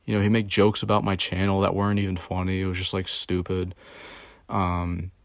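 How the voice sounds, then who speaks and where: A man's voice: low voice, completely flat delivery, a little fast, no room sound. A man vlogging in a rambling, casual rant, swearing often and sounding confused and exasperated. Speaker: video blogger.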